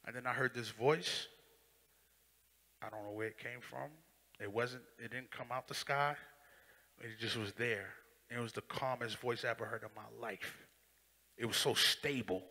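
Bright-voiced man testifying in a hall. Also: mid-range voice, moderate pace, pauses often. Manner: animated storytelling, acts out voices, swings from loud to hushed. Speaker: Christian rapper giving testimony. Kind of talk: spoken testimony on stage. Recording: long hall reverb.

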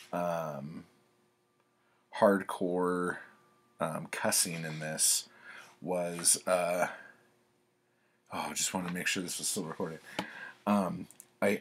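A man with a very low, husky voice reads aloud from his old childhood poems and mocks them as he goes. He talks slowly and casually, in a wry, self-deprecating tone. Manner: wry, self-mocking, laughs at his own writing. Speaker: author reading his childhood writing. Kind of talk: casual reading and commentary.

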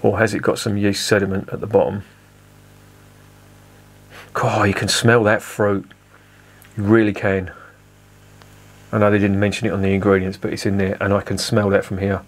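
Man, low voice, chatty home beer reviewer, swears and self-corrects. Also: level tone, normal speed, pauses often. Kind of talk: casual review monologue.

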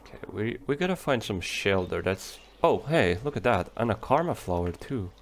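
A man giving relaxed, chatty commentary while playing a game, talking to the creatures on screen. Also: lowish voice, a little hiss or hum. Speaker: let's play gamer. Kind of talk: casual gameplay commentary. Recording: faint game music behind.

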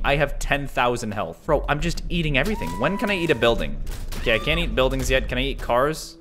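Hyper gaming guy, voice jumps all over the place, yelling and giggling, music behind. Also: medium pitch, fast talker. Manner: excitable, yelps and shouts, giggly. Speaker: gaming YouTuber. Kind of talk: let's play commentary. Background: game music.

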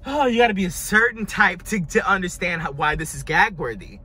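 A man talking in a dramatic, gushing reaction vlog, his voice hoarse from screaming. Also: sits high, animated, a little fast, sharp tone. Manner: dramatic, gushing, over-the-top. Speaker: music reviewer.

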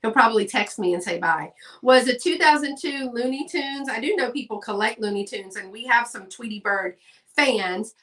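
A woman's voice: a little high, a bit bright, far from the mic. A woman, hosting a live sale in a chatty, folksy way and talking to viewers in the chat. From Texas. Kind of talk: casual live-stream selling chat.

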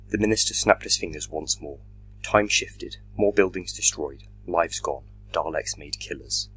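A man narrating a fan fiction audio drama in a dramatic, measured reading. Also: very deep voice, steady tone, fairly bright tone, slightly rough, rough recording. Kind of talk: scripted story narration.

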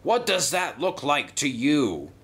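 Man voicing a stubborn toy engine, insistent, argumentative, raised pitch. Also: very animated, slow pace, a bit bright, exaggerated voice. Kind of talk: toy train story voice acting.

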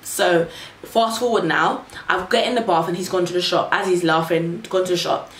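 A young woman vlogger casually telling a story, animated and chatty, leaning on "like" and "literally". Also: on the low side, normal speed. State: pregnant. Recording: roomy, distant mic, faint hiss.

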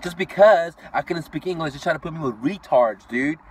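A man's voice: on the high side, expressive, a little fast, slightly rough, distant mic. A man from Iran delivering a blunt, profane motivational rant as a vlogger, constantly swearing and tacking "dude" onto his lines. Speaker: vlogger and business owner.

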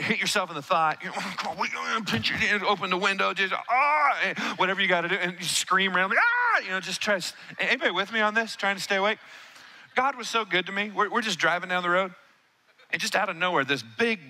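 A middle-aged man preaching in a church with a high, very bright voice. He moves from quiet asides into animated storytelling and calls on the congregation to answer him. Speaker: pastor. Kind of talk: sermon.

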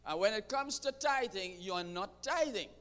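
A man preaching a sermon, emphatic and dramatic, with pauses for effect. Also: high-pitched, expressive, a bit bright, clean tone. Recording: long reverb of a large hall.

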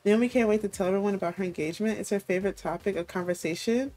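A woman's voice: medium pitch, very fast, warm tone. Chatty young woman gaming. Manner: chatty, playful, laughs often. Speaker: gaming creator. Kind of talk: casual game commentary.

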